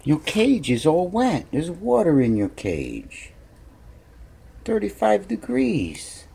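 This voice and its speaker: A man's voice: a little high, wildly swooping pitch, slow, creaky, warm tone, slightly rough. A man chatting to his pet cats at home by a window, cooing baby talk at them. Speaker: cat owner filming his pets. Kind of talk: casual chat to his cats.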